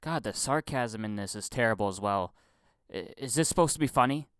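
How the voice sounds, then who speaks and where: A man's voice: on the low side, expressive, brisk, fairly bright tone, clean tone, dry recording, studio quality. A young man ranting casually about film acting, stammering, repeating himself, swearing often and acting out mocking impressions. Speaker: film commentary vlogger. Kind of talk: casual profane rant.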